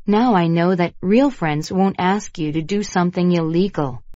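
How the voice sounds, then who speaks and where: A quiet, sensible teenage boy, as a woman reads him out in a storybook lesson, speaking plainly and a little low. The sound is dry and slightly dull, like a lo-fi track. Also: moderate pace, no echo, natural voice. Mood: remorseful.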